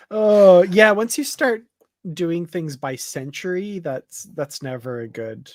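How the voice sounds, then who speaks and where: A man co-hosting a live discussion show, chatty and easygoing, laughing often and pausing on fillers. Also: high voice, darkish tone, no room sound, studio quality. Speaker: podcast co-host.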